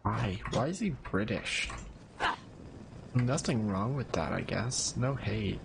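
A man streaming a video game with casual commentary, excitable, swearing often and yelling when frustrated. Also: on the low side, slow pace, gravelly, background noise.

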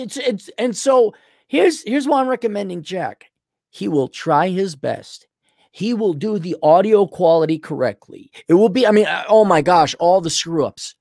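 A man's voice: high voice, no echo, clean studio sound. A middle-aged man ranting bluntly and sarcastically in a vlog monologue. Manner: blunt, sarcastic, animated, mocks others in put-on voices. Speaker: vlogger.

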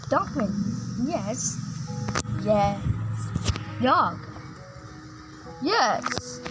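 High, lively woman over game music. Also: poor audio. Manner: excitable, exclaiming, repeats words. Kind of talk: casual gameplay commentary. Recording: game music playing behind.

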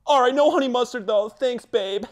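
A man's voice: extremely high pitch, normal speed. A man doing a comedic impression of a young bro streamer who brags and says dude constantly. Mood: bragging.

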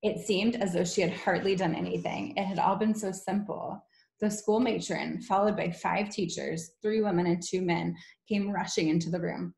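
A woman teacher reading a children's novel aloud to her class in an expressive, gentle way. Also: lowish voice, moderate pace, vocal fry. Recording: echoey room.

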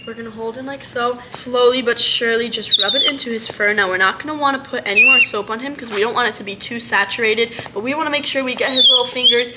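A woman's voice: fairly high pitch, very noisy. A young woman hosting a casual animal vlog, explaining things to viewers and cooing in baby talk to a pet. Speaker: animal care vlogger.

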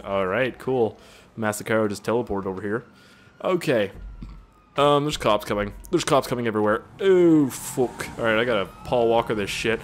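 A man's voice: mid-range voice, moderate pace, slight background noise. A young man doing casual, profane gameplay commentary, rambling and joking as he plays. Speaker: gaming channel host.

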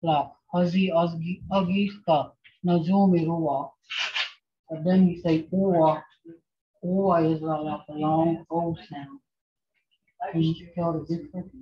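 A woman teaching a language class online, speaking slowly and patiently and repeating phrases for her students. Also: fairly low pitch, steady tone. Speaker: language instructor. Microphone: video call. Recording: dull lo-fi video call audio.

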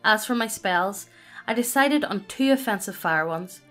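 A woman reading a personal story aloud as scripted narration, in a steady, even delivery. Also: mid-range voice, normal speed, faint music behind.

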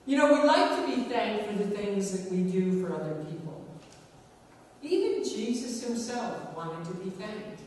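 A woman preaching a sermon in a church, measured and dramatic, with slow emphatic pauses. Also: mid-range voice, expressive, a little mellow, slight background noise. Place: large church sanctuary. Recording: echoey church hall, recorded from far off.

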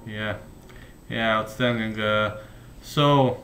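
A man interviewing a fighter, asking brief, measured questions. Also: on the low side, fairly even intonation, a bit bright, slight background noise.

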